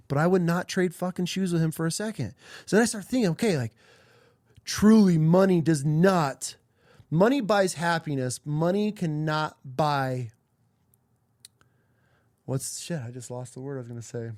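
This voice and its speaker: A man's voice: a little high, animated, normal speed, darkish tone, no echo, clean studio sound. A man in his thirties hosting a podcast, telling a personal story in a rambling, emotional way and swearing often. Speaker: podcast host. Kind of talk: candid personal podcast talk.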